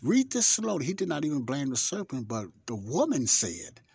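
A man's voice: medium pitch, huge pitch swings, normal speed, gravelly, a little mellow, husky, dry recording. A man hosting a Bible study podcast who reads scripture aloud and explains it in a conversational, emphatic, rambling way. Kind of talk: casual Bible teaching with scripture reading.

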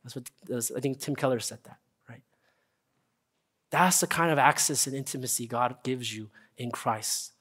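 A young man preaching a casual, earnest sermon, often checking in with listeners with a quick "right?". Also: mid-range voice, steady tone, a bit bright, slightly rough. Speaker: pastor. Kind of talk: conversational sermon.

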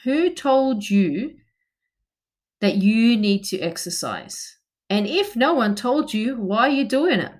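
A woman's voice: mid-range voice, animated, measured pace. A woman in her thirties, a personal trainer, talking directly and chattily to the listener about exercise motivation and asking questions. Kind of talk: motivational talk to camera.

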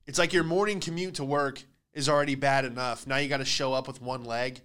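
A man in his thirties with a smooth, resonant voice and middle pitch holds a casual comedic monologue. He slips into voices for the people in his stories, then drops back to his own easy talk. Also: fairly quick, few pauses. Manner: animated storytelling with put-on voices for quoted people. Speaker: comedian podcast host.

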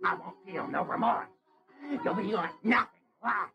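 A man voicing a creepy male singer who demands souls, in a croaky, gravelly sung voice over loud music. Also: sits high, normal speed, muffled recording. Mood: menacing. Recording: music playing loud behind.

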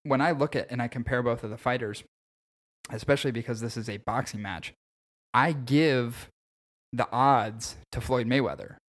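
A man co-hosting a casual podcast, talking about fights in an animated, opinionated way and swearing freely. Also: mid-range voice, moderate pace. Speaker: podcast co-host.

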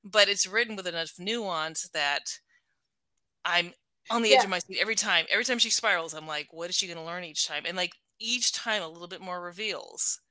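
A middle-aged woman in a casual book talk, her voice very bright and sharp. The sound is dry and close, with no room around her. She talks in an animated way, laughs often, and fills her sentences with "like.". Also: on the low side, moderate pace, no echo.

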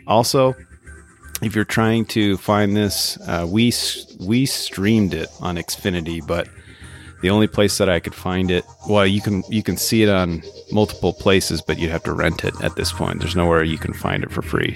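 A man hosting a casual movie-review podcast, chatty and jokey, with quick asides. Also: deep voice, expressive, vocal fry, faint music behind. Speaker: podcast host.

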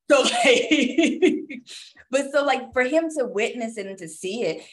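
A woman and mother telling a story in a casual chat, animated, acting out quotes and laughing often. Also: sits high, takes it slowly. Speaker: podcast co-host and mother.

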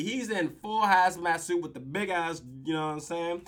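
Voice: mid-range voice, moderate pace. A podcast host recapping a TV episode in casual, profane slang, telling the story with laughs.

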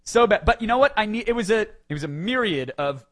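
Animated higher-voiced man telling stories. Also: brisk. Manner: animated, swings loud and quiet. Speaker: podcast host. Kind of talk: casual comedic storytelling.

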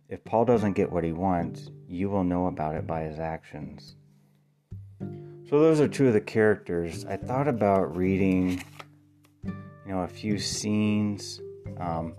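Deep-voiced man talking over guitar. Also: warm tone. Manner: thinks aloud with ums, spells words letter by letter. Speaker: playwright and podcast host. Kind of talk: casual spoken monologue.

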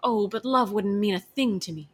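A woman reading a jealous, furious wife in a mock-dramatic parody scene, overwrought and loud. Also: mid-range voice, normal speed, a little hiss or hum, close to an everyday voice.

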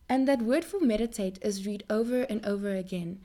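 A woman's voice: normal speed, few pauses. A young woman speaking earnestly in a Christian faith talk to her viewers, often repeating words as she goes. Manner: animated pitch jumps.

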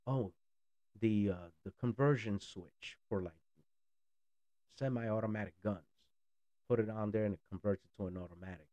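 A man's voice: fairly low pitch, warm tone, no room sound, muffled recording. A man in a blunt, sarcastic ranting monologue who swears freely. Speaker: political commentator.

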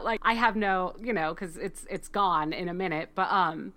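A woman's voice: lowish voice, moderate pace, sharp tone. A woman co-hosting a podcast in casual chat, rambling and giggling as she tells stories. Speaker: podcast co-host.

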